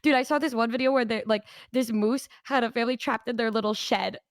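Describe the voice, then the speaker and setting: A woman's voice: fairly high pitch, steady tone, a little fast, no echo, clean studio sound. A woman streamer in casual chat, laid-back and self-deprecating, swearing casually.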